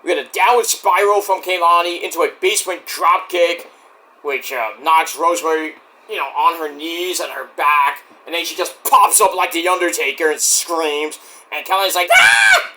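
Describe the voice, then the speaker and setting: A man giving a casual solo review of a wrestling show, excitable and profane, breaking into rants. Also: on the high side, normal speed.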